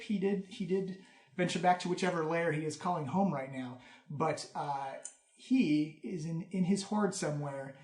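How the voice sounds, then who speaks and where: A man with a somewhat high voice narrates a tabletop game as its game master. He tells the scenes with animated, lively detail. The recording carries a noticeable room echo. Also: moderate pace. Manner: animated storyteller, lively descriptions.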